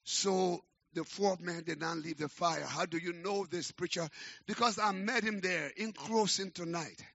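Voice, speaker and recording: A middle-aged man, preaching a sermon as a pastor and telling his story with rising, shouted exhortation. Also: high voice, a little slow, gravelly, no room sound. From Liberia. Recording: dull, lo-fi sermon recording.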